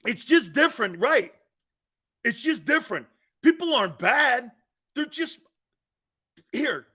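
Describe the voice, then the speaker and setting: A man hosting a sports talk show, telling loud stories, acting out voices, swearing and laughing. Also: sits high. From East Coast of the USA. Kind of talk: animated sports radio monologue.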